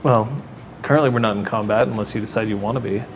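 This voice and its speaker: A man's voice: lowish voice, fairly even intonation, fast talker, background noise. A man running a tabletop role-playing game as game master, narrating casually and swearing now and then.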